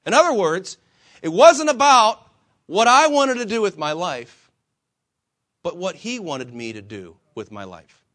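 A man's voice: sits high, very animated, measured pace, long pauses, sharp tone. A man preaching a sermon to fellow believers, swinging his emphasis and asking rhetorical questions. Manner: acts out quoted voices of himself and the Lord. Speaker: pastor.

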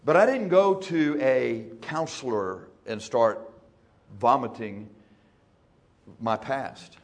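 A male pastor preaching in a church, folksy and emphatic, speeding up and slowing down for effect. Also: medium pitch, animated. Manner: folksy, emphatic, shifting between fast and slow. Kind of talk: sermon.

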